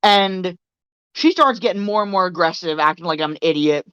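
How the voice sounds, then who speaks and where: A woman's voice: lowish voice, a little fast, clear, resonant tone, no room sound, muffled recording. Dry-voiced woman telling a story. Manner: profane, animated storyteller. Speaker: podcast co-host. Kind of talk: comedic storytelling.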